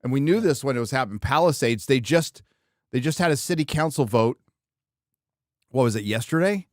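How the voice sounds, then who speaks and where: A man's voice: medium pitch, expressive, brisk, dry recording, studio quality. A man hosting a podcast, talking in a blunt, ranting casual style. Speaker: podcast host. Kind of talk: casual chat.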